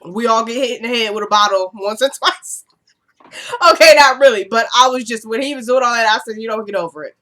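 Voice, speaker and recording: A woman's voice: a little high, fairly quick, pushed and bright. A young woman with a cold chatting casually through a TV episode recap, acting out the characters' lines. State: stuffy with a cold, coughing.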